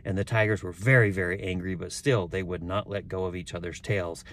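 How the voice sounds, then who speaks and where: A man's voice: deep voice, steady tone, fairly quick, slight background noise. A man reading a children's story aloud, chuckling and stumbling now and then, with chatty asides. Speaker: reader.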